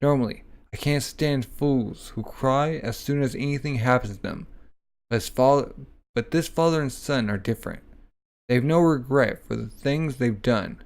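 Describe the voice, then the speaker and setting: A man reading aloud the lines of a gruff, loyal, outspoken young street tough from a comic, in a plain delivery. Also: mid-range voice, normal speed, close to an everyday voice. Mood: solemn.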